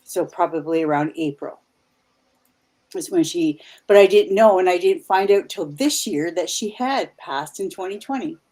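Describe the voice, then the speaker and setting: A woman's voice: lowish voice, moderate pace, a little mellow. A Canadian woman in her fifties, a paranormal investigator guest, telling stories in a rambling, casual way with many restarts. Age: 50s. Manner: rambling, full of restarts and asides. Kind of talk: casual chat.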